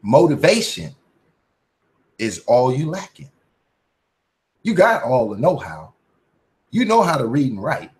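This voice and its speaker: A man's voice: mid-range voice, big pitch swings, measured pace, pauses often. A man hosting a casual commentary livestream, talking in a profane, preachy, motivational way. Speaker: channel host.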